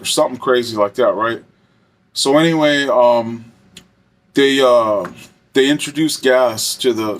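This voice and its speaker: A man recounts a tale from his days as a correctional officer in a relaxed, storytelling manner. He rambles and circles back, filling his sentences with "like" and "you know," at an ordinary middle pitch. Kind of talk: casual storytelling.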